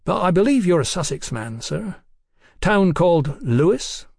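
A male narrator voicing a dry, deliberate Victorian police detective who questions politely and speaks in measured tones. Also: high-pitched, very animated, gravelly, a little mellow, slightly rough, no echo, voice pushed up, heavily acted.

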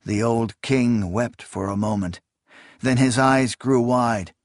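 Male audiobook narrator, mid pitch, slow deliberate delivery, dry close recording. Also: dry recording. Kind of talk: scripted narration.

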